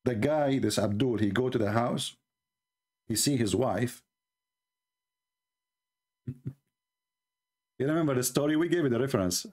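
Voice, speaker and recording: A man's voice: mid-range voice, measured pace, pauses often, a little mellow. A man hosting a live-stream religious debate show, mocking and combative, chuckling at his own jokes and speaking English with non-native grammar.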